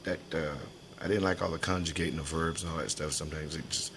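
Older man with a low gravelly voice. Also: steady tone, fast, fairly bright tone, slight background noise. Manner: folksy storyteller, laughs often, acts out voices in his stories. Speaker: interviewee. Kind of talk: oral history interview.

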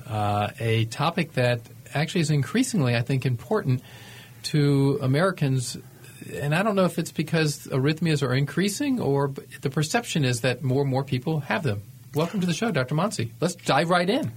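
A man co-hosting a health radio talk show as a doctor, asking conversational, inquisitive questions. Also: mid-range voice.

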